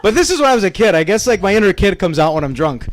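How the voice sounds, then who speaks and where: American comic guy, high voice, laughs through everything. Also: big pitch swings, very fast. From United States. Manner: laughing, rambling, playful. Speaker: stand-up comedian. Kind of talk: post-set comedy banter. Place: live comedy show.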